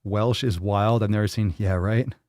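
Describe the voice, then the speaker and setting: Male live-stream host, low voice, dry close sound, rambling profane banter. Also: steady tone, normal speed, a little mellow, no echo. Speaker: fitness livestream host. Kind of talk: casual live-stream chat.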